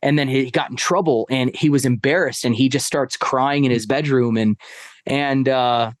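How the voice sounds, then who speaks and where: A man's voice: medium pitch, steady tone, normal speed, dry recording, clean studio sound. A man in casual storytelling, a stepfather talking about his family, rambling with many fillers. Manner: rambling, heavy on fillers like "like" and "right?". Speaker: podcast guest.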